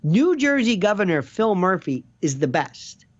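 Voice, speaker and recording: Appearing as a guest on a casual chat show, a man with a high-sitting voice jumps from thought to thought in an animated ramble, now and then putting on quoted voices. His delivery is unhurried and the audio lo-fi.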